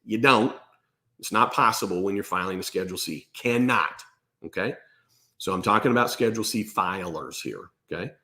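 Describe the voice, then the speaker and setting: A man's voice: on the low side, normal speed, bright, forceful tone. A man giving tax advice straight to the camera, emphatic and blunt, often checking in with "okay?". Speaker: host and accountant.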